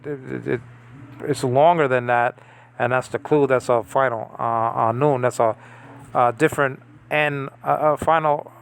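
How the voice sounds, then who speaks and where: Gravelly man teaching Hebrew letters. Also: medium pitch. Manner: halting, many fillers and restarts, chatty. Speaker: Bible language teacher. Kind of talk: informal screen-share lesson. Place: home in the Philippines.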